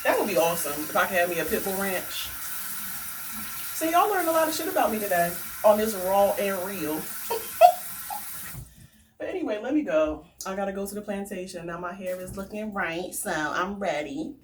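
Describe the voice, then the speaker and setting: A woman vlogger telling stories and ranting in a casual, animated way, swearing freely. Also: medium pitch, normal speed, recorded from a distance, slight background noise. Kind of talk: casual storytelling rant.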